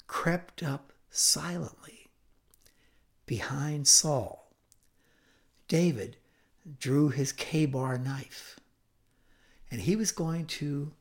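A preacher retelling a story in a sermon, drawing it out and dropping to a hush for suspense. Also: male voice, on the high side. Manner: vivid, slows to a hush for suspense.

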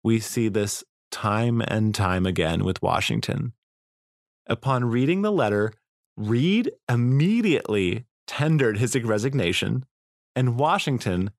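A man's voice: medium pitch, unhurried, no echo. A man tells history on a casual podcast, full of dramatic asides. His voice rises and falls widely. The recording is close and dry. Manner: animated, swearing, dramatic asides. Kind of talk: casual storytelling chat.

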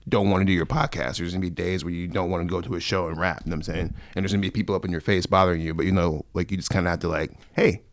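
A man with a very low voice talks quickly and loosely, full of fillers and quick asides. He sounds relaxed, chatting as a podcast guest, and the recording is dry and close. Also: no echo. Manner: laid-back, rambling with many fillers. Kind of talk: casual podcast chat.

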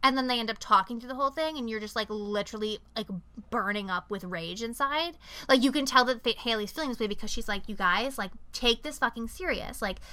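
Young female co-host, bright and a bit high, profane animated movie recap on a video call. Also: fast, clear, resonant tone. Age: young adult. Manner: profane, animated retelling with acted-out quotes. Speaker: podcast co-host. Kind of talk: casual chat reviewing a movie.

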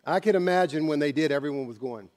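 A man preaching a sermon, telling a story dramatically and moving between hushed passages and loud ones. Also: fairly high pitch, quick pace. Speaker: pastor.

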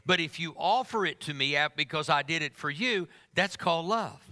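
Bright, teasing male preacher. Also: fairly high pitch, expressive, normal speed. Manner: humorous, teasing, emphatic. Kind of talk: sermon.

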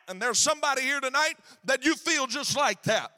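A man preaching a sermon, shouting in a sing-song cadence with frequent "uh" fillers. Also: very high-pitched, lively intonation, fairly quick, hardly any pauses.

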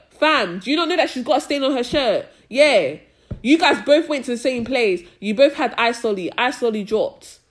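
A young woman talks casually on a podcast. She keeps checking that you follow her, and she gets loud and animated whenever a story riles her. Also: fairly high pitch, normal speed. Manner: chatty, frequent "do you know what I mean", gets loud and animated when ranting. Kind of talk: casual chat.

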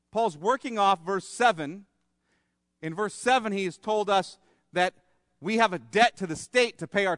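A man's voice: sits high, a bit bright, no room sound, clean studio sound, big-room sound. A man preaching a sermon as pastor, emphatic, asking rhetorical questions and acting out little scenes. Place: church sanctuary.

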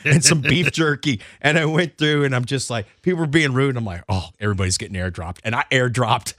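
A man hosting a radio show, chatting casually and telling animated stories in a studio. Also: medium pitch, moderate pace, dry recording. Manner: animated storyteller, shouts out quoted lines. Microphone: studio mic.

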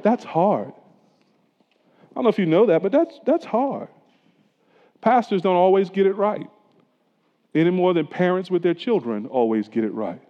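A male pastor preaching a sermon earnestly, dropping to a hush at solemn moments and rising for emphasis. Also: high voice. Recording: echoey church hall, dull lo-fi sound.

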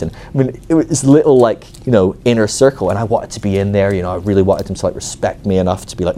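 Male preacher, storytelling sermon, quick and animated, mellow tone, self-mocking. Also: lowish voice, a little hiss or hum. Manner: animated, self-mocking, acts out his own angry inner voice; many fillers like "like" and "right?". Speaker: ministry school teacher.

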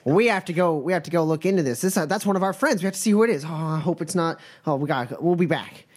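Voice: medium pitch, fast, close to an everyday voice. A game master voicing an earnest recruiter for a puritan cult in a tabletop game role-play. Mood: anxious. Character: earnest cult recruiter in plain white clothes.

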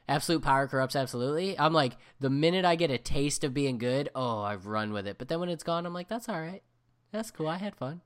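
Animated man co-host with a widely swinging voice, casual and profane. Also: medium pitch, clear, resonant tone. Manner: animated, swings between loud and quiet, profane. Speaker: podcast co-host. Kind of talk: casual chat.

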